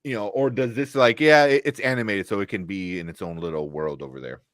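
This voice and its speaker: A man's voice: on the low side, brisk, fairly bright tone, no echo, clean studio sound. A man co-hosting a casual live chat show, easygoing, with lots of fillers and agreeing asides. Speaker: co-host.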